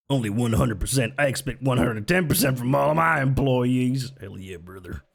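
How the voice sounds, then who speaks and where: Sarcastic, gravelly streamer. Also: medium pitch, normal speed. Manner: sarcastic, laughing, animated. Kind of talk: casual live-stream commentary.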